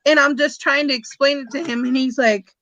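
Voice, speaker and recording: Host type: animated young woman in her twenties, dry muffled lo-fi sound. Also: high voice, a little fast, no echo. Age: 20s. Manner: excitable, filler-heavy storytelling. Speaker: host, spiritual medium. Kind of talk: casual live-stream chat.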